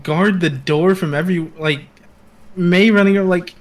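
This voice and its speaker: A man guesting on a casual TV review podcast, talking in a relaxed, rambling way with many fillers. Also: high-pitched. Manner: relaxed, drawn-out, many likes and uhs.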